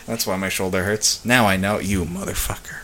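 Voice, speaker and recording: A young man co-hosting a podcast in casual chat, rambling with fillers and swearing, quick to laugh. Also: low voice, steady tone, fairly bright tone, a little hiss or hum. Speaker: podcast co-host.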